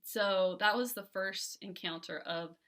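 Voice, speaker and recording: A woman from telling a painful personal story as a podcast guest, candid and halting, with many fillers and restarts. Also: medium pitch, steady tone, fairly bright tone.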